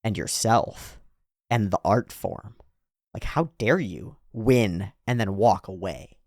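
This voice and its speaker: A man's voice: lowish voice, takes it slowly, darkish tone, no room sound, clean studio sound. A man voicing a proud, wounded male rival rapper who lectures with indignation about honor. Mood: indignant.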